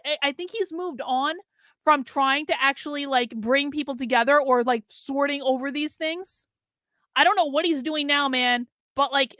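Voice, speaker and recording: A woman's voice: high-pitched, fairly bright tone, dry recording, studio quality. A woman commentator reacting to a podcast clip, talking in an exasperated, ranting way and swearing now and then.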